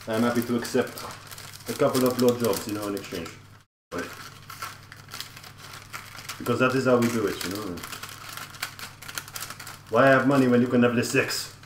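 A man's voice: mid-range voice, fairly bright tone, echoey room, recorded from a distance, slight background noise, lightly acted, rough recording. A man playing a crude, swearing French TV chef with a thick put-on French accent, rambling through a comic live-stream cooking show. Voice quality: thick fake French, filler-heavy, constant swearing.

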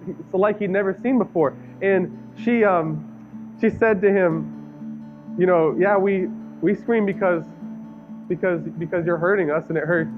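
A young man in his twenties preaching a sermon, telling a story earnestly, often restarting his sentences. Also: a little high. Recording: tinny phone-like audio, faint guitar music.

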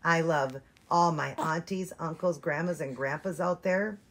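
A woman speaking for a baby boy doll in a slow, sing-song, affectionate way. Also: deep voice. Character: sweet baby boy doll, cheerful and loving.

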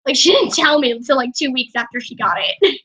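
High, bright young woman chatting over gameplay. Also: a little fast, low-quality recording. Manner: giggly, chatty, often laughing. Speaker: gameplay vlogger. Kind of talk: casual gameplay commentary.

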